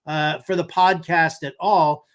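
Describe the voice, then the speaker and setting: A man's voice: a little high, fairly even intonation, unhurried, a bit bright, clear, resonant tone. A man in his mid-fifties hosting a fantasy baseball podcast, rambling, joking and cursing freely in casual chat. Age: 50s. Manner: rambling, jokey, curses freely. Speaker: podcast host.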